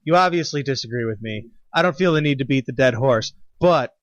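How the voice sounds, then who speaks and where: A man's voice: mid-range voice, animated, a little fast, no echo. A man co-hosting a podcast in casual chat, opinionated, swearing freely and laughing often. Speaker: podcast co-host. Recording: dull lo-fi podcast audio.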